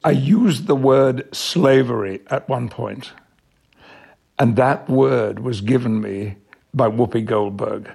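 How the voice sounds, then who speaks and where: An older man with an English accent, an actor answering interview questions in a measured, emphatic way. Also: mid-range voice, vocal fry, breathy edge. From England. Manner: measured, warmly emphatic, slows on key words. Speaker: guest, actor.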